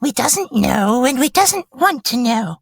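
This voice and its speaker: A man's voice: very high voice, big pitch swings, measured pace, vocal fry, husky, no echo, studio quality, pitched above the performer's own voice, full character voice. A man voicing a wretched, cringing creature in a read-aloud passage, whining and pleading. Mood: pleading whimper.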